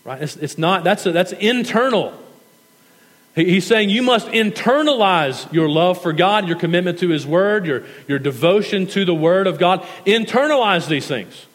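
A man preaching a sermon earnestly, repeating key phrases for emphasis and slowing down to stretch important words. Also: high voice, expressive. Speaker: pastor. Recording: long hall reverb.

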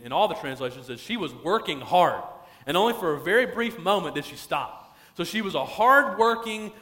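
A man preaching a sermon as pastor, stretching key phrases out slowly for emphasis. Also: a little high, a bit bright, in a large hall.

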